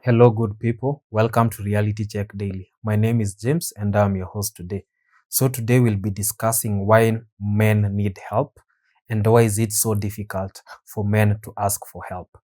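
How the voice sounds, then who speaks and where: A man hosting his own show, talking in an earnest, measured way with frequent pauses. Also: fairly low pitch, level tone, warm tone. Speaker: podcast host. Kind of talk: reflective solo talk.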